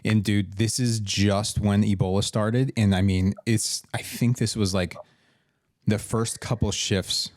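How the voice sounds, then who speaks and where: Low-ish guy rambling thru a story, cursing, dry close sound. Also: steady tone, measured pace, darkish tone, dry recording. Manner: rambling, profane, restarts sentences. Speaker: podcast guest, emergency responder. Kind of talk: casual storytelling.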